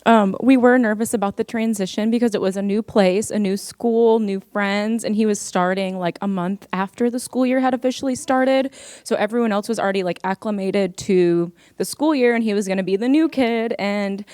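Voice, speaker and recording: A woman's voice: medium pitch, normal speed, a little mellow, no room sound. Earnest young woman giving a heartfelt talk. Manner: earnest, heartfelt, frequent ums. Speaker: parent speaking to an audience. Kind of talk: personal speech at an event.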